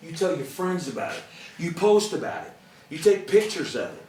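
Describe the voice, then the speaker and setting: A man's voice: a little high, sing-song, normal speed, darkish tone, far from the mic, a little hiss or hum. A middle-aged man giving an earnest, conversational motivational talk to an audience, laughing often. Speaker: motivational speaker. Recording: echoey room, speaker away from the mic.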